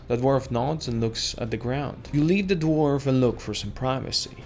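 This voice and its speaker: A man reading an AI text adventure aloud in steady second-person narration, as the game's player. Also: mid-range voice, normal speed, faint music behind.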